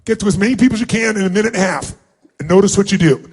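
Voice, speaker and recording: A middle-aged man giving a motivational seminar to a large crowd in a hall, commanding and often yelling instructions. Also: sits high, very fast, slightly rough. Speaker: motivational speaker. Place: large hall with thousands of people.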